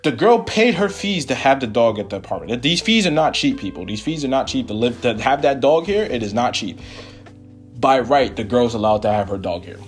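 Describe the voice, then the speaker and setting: A young man hosting a podcast, telling a personal story in a casual, animated and profane way, acting out what people said. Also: medium pitch, a little fast, faint music behind. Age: young adult. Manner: animated, profane, quotes people in his own voice. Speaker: podcast host.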